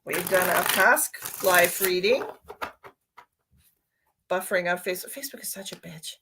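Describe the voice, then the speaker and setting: A woman's voice: fairly low pitch, normal speed, sharp tone, a little hiss or hum. A tired woman, a psychic medium, chatting casually on a live stream and calling viewers by name while she gives readings.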